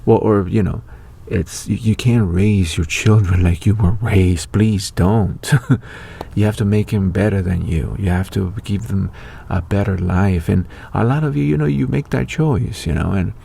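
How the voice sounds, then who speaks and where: Gravelly deep-voiced man, rambling host. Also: measured pace, warm tone. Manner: rambling, with many fillers and restarts. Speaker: online show host. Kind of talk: casual spoken monologue.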